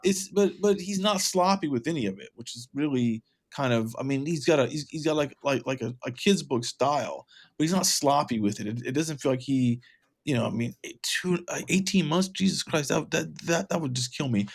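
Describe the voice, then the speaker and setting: A man's voice: on the high side, animated, fairly quick, creaky. A man co-hosting a podcast in casual chat, rambling with many restarts and some casual swearing. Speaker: podcast co-host.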